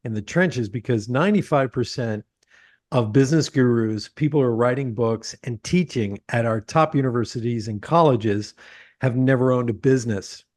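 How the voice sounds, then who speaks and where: Male host, animated storyteller, laughs easily, conversational. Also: mid-range voice, moderate pace. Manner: animated storyteller, laughs often, many uh fillers. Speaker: podcast host. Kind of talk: casual interview chat.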